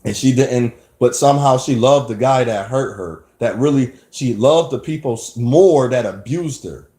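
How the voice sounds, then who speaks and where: A man's voice: medium pitch, normal speed, mellow, roomy sound. A man talking emphatically in a rambling personal monologue, often restarting his sentences. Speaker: vlogger.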